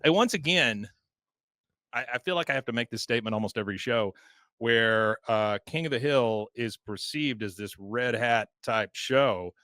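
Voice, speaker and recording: A man hosting a podcast, telling stories in a casual, animated way with lots of fillers. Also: medium pitch, moderate pace, no room sound. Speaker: podcast host.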